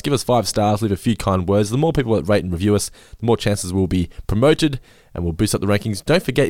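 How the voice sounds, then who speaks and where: An Australian man co-hosting a casual podcast in a lowish voice. He chats loosely, trips over his words and restarts them. The sound is close and dry. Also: no room sound. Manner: chatty, stumbles and restarts, laughs often. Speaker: podcast co-host. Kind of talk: casual chat recapping episodes.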